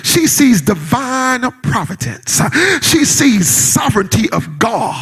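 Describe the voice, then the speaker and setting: A man preaching a sermon in a sing-song whooping style, building to shouted climaxes. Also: very high voice, sing-song, slow pace, husky, soft background music.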